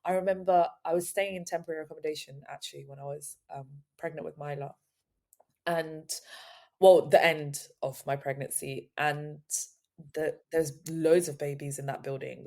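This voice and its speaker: A young woman co-hosting a podcast, talking in a halting, casual way with many restarts. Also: low voice, dark tone. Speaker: podcast co-host. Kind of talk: casual chat.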